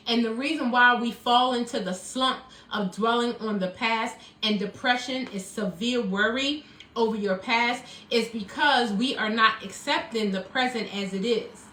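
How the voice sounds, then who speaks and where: A woman hosting a live motivational talk as a life coach, energetic and preachy, often calling out to her audience. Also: a little high. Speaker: life coach and show host. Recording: echoey room, a bit distant, faint music.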